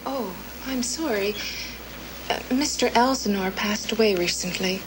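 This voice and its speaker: An actress playing a polite, guarded office receptionist who speaks formally. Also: female voice, mid-range voice, measured pace, noisy background, natural voice. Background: loud film music.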